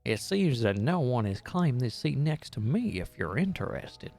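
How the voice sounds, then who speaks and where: A courtly old Southern gentleman, as a man puts him on with a slow drawl. The voice is gravelly and lively, polite and earnest. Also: mid-range voice, soft background music. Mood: courteous. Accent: put-on Southern US.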